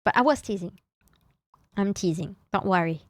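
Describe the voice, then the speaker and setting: A woman's voice: mid-range voice, moderate pace, dry recording, studio quality. A young woman, streaming in casual chat, playfully teasing her viewers and often restarting her sentences. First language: French. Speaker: VTuber streamer.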